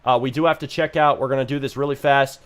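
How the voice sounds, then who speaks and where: A man's voice: mid-range voice, steady tone, quick pace, a bit bright. A man giving blunt, joking critique while live-streaming game reviews. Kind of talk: casual live-stream commentary.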